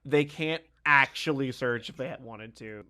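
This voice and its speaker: A young man casually telling a story, animated, laughing and swearing as he goes. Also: mid-range voice, measured pace, clear, resonant tone. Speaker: streamer.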